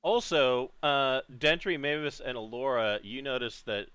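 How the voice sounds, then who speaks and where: A man's voice: medium pitch, measured pace, fairly bright tone, clear, resonant tone, no room sound. A man running a tabletop game as game master, easygoing and thinking aloud as he goes.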